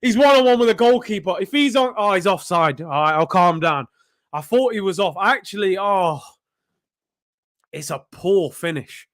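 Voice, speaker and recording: High-pitched man shouting at a football match. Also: normal speed. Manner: excitable, shouting at players, frequent outbursts. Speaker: football watchalong host. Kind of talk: live match reaction commentary.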